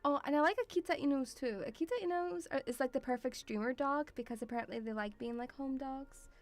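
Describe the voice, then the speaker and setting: High-voiced doting woman streamer. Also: fast talker, faint music behind. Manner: rambling, doting, calls viewers sweetie. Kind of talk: casual live-stream chat.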